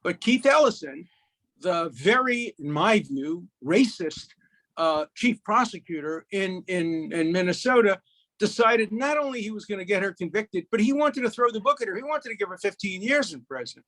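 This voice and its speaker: A man in his eighties from Brooklyn, a guest telling jokes and stories in a lively, punchy way. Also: sits high, normal speed. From Brooklyn, USA. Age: 80s. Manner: lively raconteur, punchy delivery. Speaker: guest, lawyer. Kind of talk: animated storytelling, joke-telling chat.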